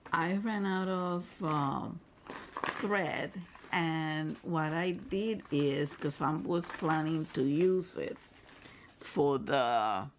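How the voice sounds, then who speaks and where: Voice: medium pitch, creaky, slight background noise. A crafter and channel host giving a casual review and tutorial, chatty and explanatory, often restarting phrases mid-sentence while showing materials to the camera.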